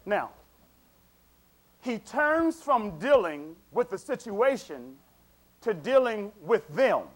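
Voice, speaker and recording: High-voiced male preacher, loose conversational sermon delivery. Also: big pitch swings, slow pace. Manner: conversational, chuckling asides, repeats words, checks in with congregation.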